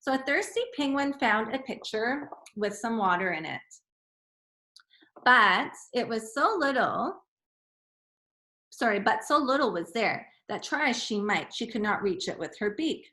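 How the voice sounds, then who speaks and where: A woman teacher reading a fable to children and chatting gently in between, calling them friends. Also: on the high side, animated, measured pace. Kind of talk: storytime reading and chat. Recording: echoey room.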